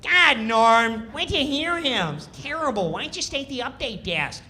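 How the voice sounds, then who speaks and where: A man impersonating a fellow male comedian as a high-pitched, whiny nag who picks at a castmate. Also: animated, normal speed, bright, forceful tone, exaggerated voice. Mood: whiny nagging. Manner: frantic, nitpicking, exasperated.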